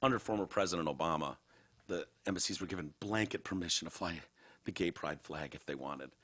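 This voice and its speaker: A man's voice: low voice, fairly quick, a bit bright. Blunt, profane Midwestern man hosting. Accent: Midwestern American. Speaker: podcast host. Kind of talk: casual talk-show banter.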